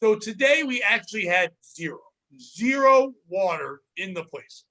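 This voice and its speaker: Bright-voiced profane comedian host. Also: male voice, sits high, a little slow. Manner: profane, animated, acts out customers in stories. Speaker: podcast host and stand-up comedian. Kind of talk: casual comedic storytelling.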